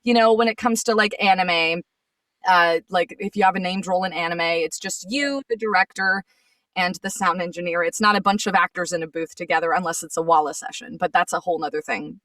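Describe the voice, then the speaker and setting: A woman voice actress in a casual chat, telling stories in an animated, exasperated way. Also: lowish voice, brisk, no echo, recorded from a distance. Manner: animated storyteller, gets sassy and exasperated. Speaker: voice actress guest.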